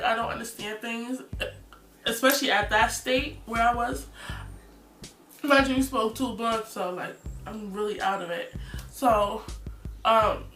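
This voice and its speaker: A woman in her twenties from New York, telling a storytime vlog story in an animated, slangy way and acting out scenes. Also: on the high side, distant mic. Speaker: vlogger. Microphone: phone or tablet camera. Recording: roomy, off-mic, faint music.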